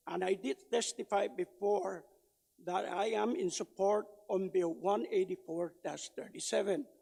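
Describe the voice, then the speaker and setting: A man giving loud, emphatic public testimony at a legislative hearing. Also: high voice, creaky. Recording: reverberant hearing room.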